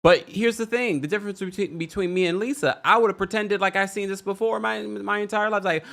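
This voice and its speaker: A man's voice: high-pitched, brisk, gravelly, few pauses, pushed and bright. A man hosting a livestream who chats and gossips about a reality show, reads viewer comments aloud and laughs often. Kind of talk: casual reality TV recap commentary.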